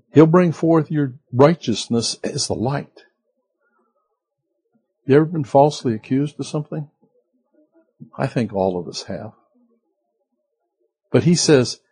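A male pastor delivers a sermon in an unhurried, conversational way. His voice has a slight husky grain, and he often turns to the listeners with rhetorical questions. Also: medium pitch, dark tone.

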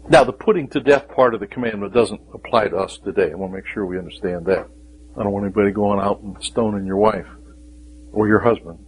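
A man preaching a sermon, with dramatic pauses and emphatic rising questions, sometimes dropping to a whisper. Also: fairly low pitch, a little hiss or hum, low-quality recording.

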